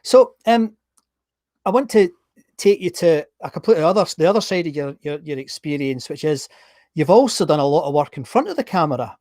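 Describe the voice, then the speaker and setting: A man hosting a podcast, asking questions in a relaxed, hesitant way. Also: on the high side, fairly quick, no echo, clean studio sound. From Scotland. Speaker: podcast host. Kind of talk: casual interview chat.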